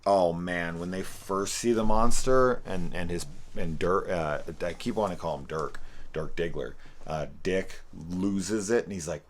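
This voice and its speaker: A man with an extremely low, deep voice talks through a film review in a loose, rambling way. He swears freely, laughs at the scenes he recounts and keeps restarting his sentences. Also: moderate pace, slight background noise. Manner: rambling, profane and amused, with loose restarts and playful quoting. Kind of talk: casual spoken movie review.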